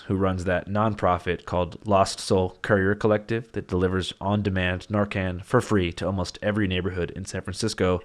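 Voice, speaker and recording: A man hosting the show, speaking to viewers in an earnest, measured appeal. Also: low voice. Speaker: host. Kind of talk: closing address to viewers.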